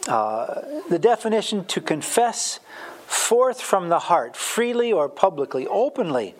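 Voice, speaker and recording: A man's voice: sits high, big pitch swings, unhurried. A man giving a conversational Bible teaching, chatty and self-deprecating, with plenty of fillers.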